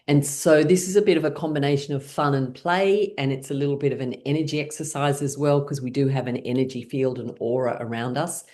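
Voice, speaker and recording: A middle-aged woman leading a laughter yoga class, calmly and playfully guiding the group. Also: rumbling low. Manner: calm, gently guiding, playful. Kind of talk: guided class instruction.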